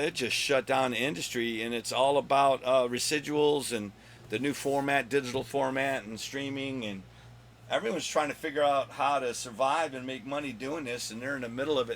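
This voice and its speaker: Chatty, slightly hoarse man hosting a comic countdown. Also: medium pitch, fairly bright tone, a little hiss or hum. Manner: rambling and chatty, jokes with his son off camera. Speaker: comic collector and channel host. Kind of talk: casual video countdown of comic finds.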